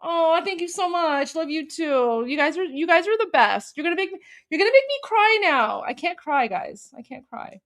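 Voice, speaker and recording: A young woman with a high voice hosts a live stream and reacts to footage as it plays. She gasps, laughs and talks in quick, delighted bursts, thanking her viewers warmly. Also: animated. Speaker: livestream host.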